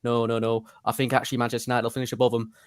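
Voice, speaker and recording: A man's voice: medium pitch, level tone, racing, clear, resonant tone, dry recording, studio quality, lightly acted. A man putting on a poor mock accent to play a dismissive male football pundit.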